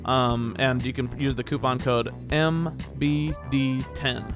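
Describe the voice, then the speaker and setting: A man's voice: fairly even intonation, slow, over music. Rambling, upbeat male podcast host. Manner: rambling and upbeat, with laughs and playful pitch jumps. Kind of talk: casual podcast intro monologue.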